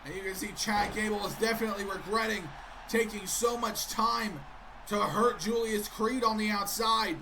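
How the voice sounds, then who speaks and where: A man doing excitable play-by-play commentary of a wrestling video game, keeps breaking off with sudden interruptions. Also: sits high, moderate pace, background noise.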